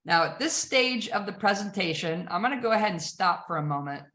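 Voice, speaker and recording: Bright, emphatic woman sales trainer. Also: medium pitch, animated, brisk. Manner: emphatic, rhetorical questions to the audience. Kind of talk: energetic sales presentation. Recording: echoey room.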